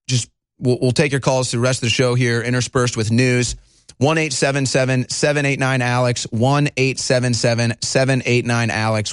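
A man hosting a talk radio show, ranting heatedly and swinging between loud outbursts and calmer stretches. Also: mid-range voice, no echo, clean studio sound. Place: broadcast studio.

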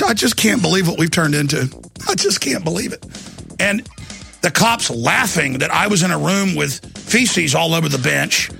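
Gravelly, high-pitched male radio host. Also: sharp tone, no echo. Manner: intense, emphatic storytelling. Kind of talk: talk radio monologue. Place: radio studio.

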